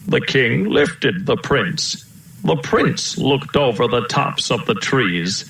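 A man narrating a children's storybook aloud in a steady, storytelling way, in a roomy-sounding recording. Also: medium pitch, slow, creaky. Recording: roomy echo.

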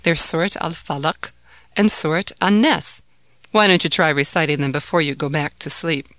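A woman reading aloud gives voice to a kind, playful father in a storybook. He comforts his son calmly and teases him gently, in a lowish voice that stays close to the narration. The recording is close-miked and dry. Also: moderate pace, dry recording. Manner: calm and warmly teasing.

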